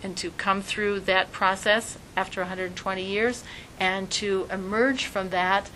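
A woman's voice: mid-range voice, unhurried, a little hiss or hum, rough recording. A woman teaching a spiritual talk, telling stories animatedly and often saying "like". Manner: animated storytelling, frequent "like". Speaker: religious teacher.

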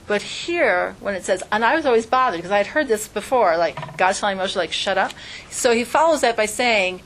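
A woman's voice: fairly high pitch, a bit bright. Earnest woman teaching a religious class. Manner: earnest, piles up rhetorical questions; conversational, frequent fillers like "like". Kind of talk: informal religious lecture.

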